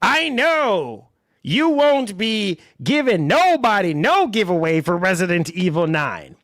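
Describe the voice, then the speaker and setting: A man's voice: high voice, big pitch swings, slow, a bit bright, no echo, studio quality. A male streamer taunting someone, repeating phrases and drawing out his words. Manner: taunting, repetitive, drawn out.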